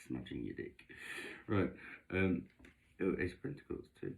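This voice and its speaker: A man talks in a very low voice that still swoops widely up and down. His chatty, gossipy rambling about tarot cards and neighbours is full of camp asides. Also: very animated, a little slow, vocal fry, darkish tone. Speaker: vlogger doing tarot readings. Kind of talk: casual rambling monologue.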